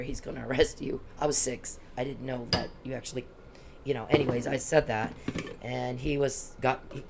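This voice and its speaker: A woman's voice: a bass voice, vocal fry, a little hiss or hum. A woman vlogging an angry, confrontational monologue aimed at one man, cursing often and preaching at him.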